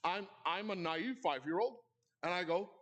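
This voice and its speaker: In a club hall at a live event, a man hosting an awards ceremony delivers a comedic story, tossing playful asides to the audience. His voice is high-pitched and a bit bright, and he speaks at a normal speed.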